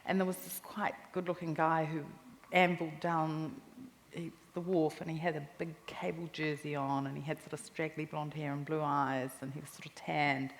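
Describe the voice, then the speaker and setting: Live-event guest: a New Zealand woman in her sixties, low-pitched, telling animated anecdotes in an echoey hall. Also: normal speed. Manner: lively, laughing anecdotes. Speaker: memoir author, interview guest. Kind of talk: storytelling in a live interview. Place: live talk venue with audience. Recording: echoey hall, faint background noise.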